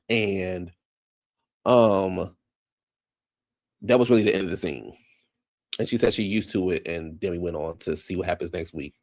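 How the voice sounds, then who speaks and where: A man's voice: sits low, normal speed, long pauses, darkish tone, no room sound, studio quality. Casual man recapping reality TV. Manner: chatty, frank, trails off and restarts mid-thought.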